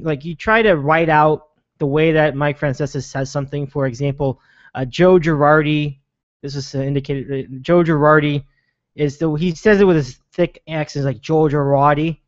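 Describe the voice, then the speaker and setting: Guy hosting a sports podcast, kinda high voice, rambles a lot, dry dull lo-fi sound. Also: no room sound. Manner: rambling, many restarts and fillers. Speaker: podcast host. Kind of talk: casual sports podcast chat.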